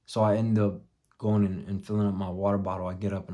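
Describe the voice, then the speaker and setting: A young man vlogging, telling a story bluntly with plenty of swearing and dropping to a hush for his own thoughts. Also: sits low, little pitch movement, fast. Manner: profane, blunt, drops to a muttered hush for quoted thoughts. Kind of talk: casual storytelling vlog.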